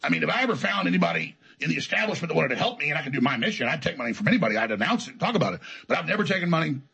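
A man's voice: on the high side, sing-song, rapid-fire, creaky, pushed and bright, slightly rough, poor audio. A man telling his story as an interview guest, in an emphatic, defiant, rambling way. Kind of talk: heated conversational storytelling.

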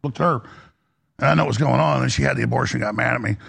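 Very fast and a bit bright, a man hosting a radio talk show preaches an impassioned monologue in a husky, gravelly voice that moves between high and low.

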